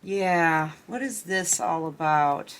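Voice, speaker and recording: A woman's voice: fairly low pitch, slow, slight background noise. A woman giving a casual tarot reading, chatting and giggling as she talks straight to her viewers. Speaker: tarot reader.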